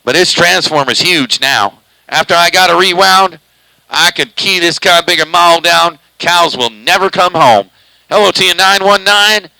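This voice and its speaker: A man's voice: sits high, moderate pace, gravelly, sharp tone, no echo, rough recording. A man running a live CB radio station at home, chatting loosely with a drawl and speaking right up on the microphone. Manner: loose drawling talk, says he eats the microphone. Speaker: CB radio operator streaming live. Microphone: very close to the microphone.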